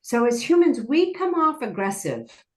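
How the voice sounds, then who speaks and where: A woman's voice: fairly high pitch, big pitch swings, normal speed. A woman guest telling personal stories in an earnest, rambling way, often saying "like.". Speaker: guest, horse program founder. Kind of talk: personal storytelling in interview. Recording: roomy echo.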